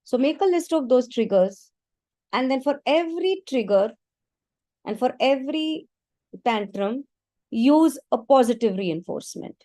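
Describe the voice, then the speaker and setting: A woman's voice: high-pitched, expressive, unhurried, dark tone, dry recording. A woman in an online meeting, giving parents earnest, practical advice on their children's tantrums, speaking to them directly. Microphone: video call.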